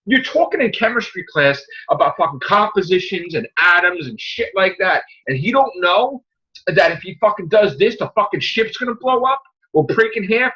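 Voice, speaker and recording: A man rants about a film in a heated, profane tirade. His voice sits high and swings wildly in pitch, with a bright, forceful edge. The recording sounds dull and lo-fi. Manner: profane, heated ranting with mocking impressions. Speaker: podcast host. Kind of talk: angry movie rant.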